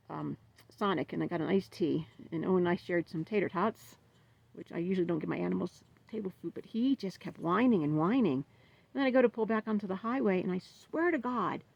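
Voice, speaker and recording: A woman's voice: on the low side, brisk, creaky, a little mellow, highs cut off. A woman vlogger telling a story in a casual, upset, rambling way, venting about what happened to her dog.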